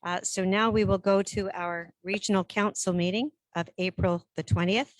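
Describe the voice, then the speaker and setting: A woman chairing a regional council meeting in a brisk, procedural way, switching between English and French. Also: mid-range voice, steady tone, no echo. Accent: Canadian French-English bilingual.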